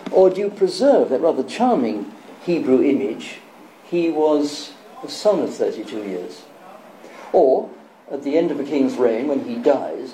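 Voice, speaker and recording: A man's voice: mid-range voice, dark tone, echoey room, slight background noise, rough recording. A man giving a talk on Bible translation, wry and self-deprecating, thinking aloud as he goes. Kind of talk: public lecture to an audience.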